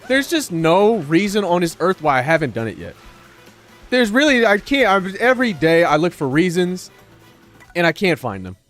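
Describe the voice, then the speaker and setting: A man with a high voice streams a game live. He rambles to his viewers, swearing freely and dripping with sarcasm. Faint music plays behind him. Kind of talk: live-stream commentary while gaming.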